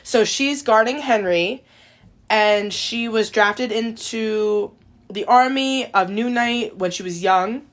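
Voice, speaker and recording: A woman's voice: on the high side, slow pace. A woman co-hosting a podcast in casual chat, talking chattily and filling her sentences with "like". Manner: chatty, heavy use of "like". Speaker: podcast co-host. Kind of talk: casual chat about a video game.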